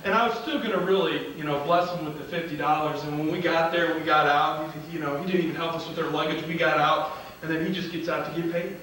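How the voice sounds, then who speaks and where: A man's voice: a little high, steady tone, quick pace, hardly any pauses. A man who is a motivational speaker, telling comic stories to a live audience, acting out the dialogue and laughing at his own jokes. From Illinois. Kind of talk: storytelling speech to a live audience. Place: large auditorium. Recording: roomy hall sound, distant mic, loud room noise.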